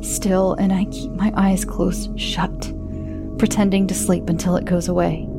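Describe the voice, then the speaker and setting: A woman narrating horror stories in a hushed voice that often sinks into a whisper. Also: lowish voice, level tone, measured pace, music in the background.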